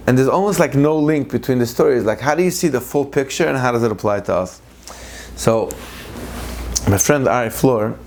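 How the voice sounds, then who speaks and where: A man teaching a casual weekly Torah class, telling a parable and then explaining it in an animated, conversational way with frequent asides. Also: medium pitch, slight background noise.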